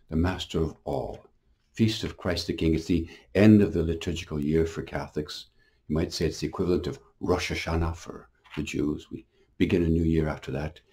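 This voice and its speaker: A low-pitched male voice with a breathy edge belongs to a priest delivering a brief homily. He speaks gently and reflectively with a Canadian English accent, frequently pausing and starting phrases over.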